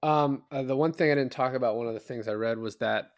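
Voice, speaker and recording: A man's voice: medium pitch, fast talker, no echo, clean studio sound. A man co-hosting a movie review podcast, chatting casually and animatedly with lots of fillers and the odd swear word. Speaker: podcast co-host.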